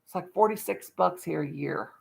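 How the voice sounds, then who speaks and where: Gravelly folksy woman on a livestream. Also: lowish voice, moderate pace, a little mellow. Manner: folksy, chatty, with baby talk to her dog. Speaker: livestream vlogger. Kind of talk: casual livestream chat.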